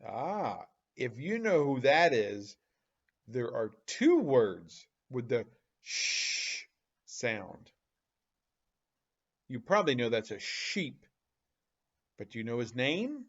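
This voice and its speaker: A man teaches young children a phonics lesson, slowly stretching out each sound and asking questions in a lively, exaggerated manner. His voice has a medium pitch, and the recording's high frequencies are cut off.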